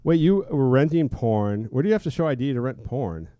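Fast-talking, laughing male podcast host. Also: medium pitch, animated, mellow, clean tone, no echo, studio quality. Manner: rambling, laughs often, swears casually. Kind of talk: casual podcast banter.

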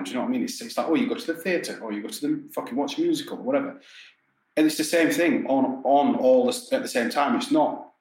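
A man in casual podcast talk, blunt and swearing freely. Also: medium pitch. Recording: echoey room with faint background noise.

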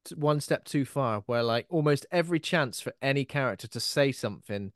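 A man's voice: medium pitch, lively intonation, fairly quick, hardly any pauses, no echo. Chatty man, dry close sound. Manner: chatty, swears, slips into mocking voices. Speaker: podcast co-host. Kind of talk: casual podcast chat.

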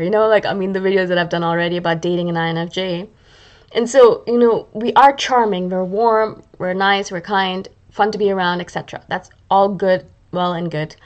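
A woman's voice: medium pitch, fairly even intonation, a little fast. A woman hosting a podcast in a chatty, self-mocking monologue, acting out her own thoughts as she talks. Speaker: podcast host. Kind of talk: casual monologue.

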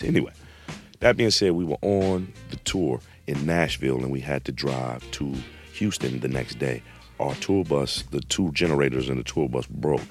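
Casting: middle-aged man, very deep voice, casual slangy storyteller, faint music bed. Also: gravelly. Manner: animated, slangy, acts out quotes. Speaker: guest telling a story.

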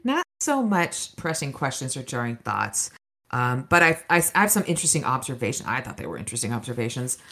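A low-voiced woman co-hosting a casual book podcast. She talks eagerly and rambles through her thoughts, often with a laugh. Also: very animated, brisk, bright, forceful tone. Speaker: podcast co-host.

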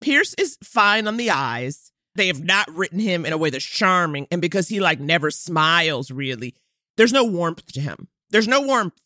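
Bright, emphatic woman podcast co-host. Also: lowish voice, sing-song, moderate pace, no echo, clean studio sound. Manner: emphatic and opinionated, mock-quoting characters. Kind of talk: casual chat reviewing a TV movie.

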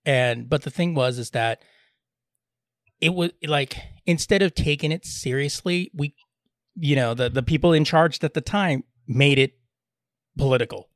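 A man's voice: on the high side, measured pace, no room sound, studio quality. A man co-hosting a podcast, talking bluntly in a casual chat, rambling with frequent restarts. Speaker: podcast co-host.

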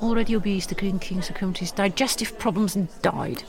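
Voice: medium pitch, fairly even intonation, fairly quick. A podcast co-host, chatting casually in a teasing manner. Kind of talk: casual chat.

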